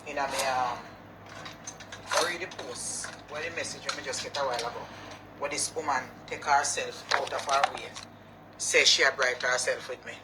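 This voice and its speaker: A woman's voice: a bass voice, fairly even intonation, moderate pace, heavy background noise. A woman with a Jamaican accent in an angry rant video, cursing and confrontational in patois. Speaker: business owner in a posted clip.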